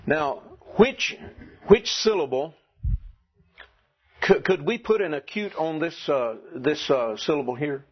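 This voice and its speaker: A man's voice: fairly high pitch, slow pace, breathy edge, lo-fi sound. A man teaching Greek grammar to a class, patiently repeating the rules and asking the students questions. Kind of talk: classroom lecture.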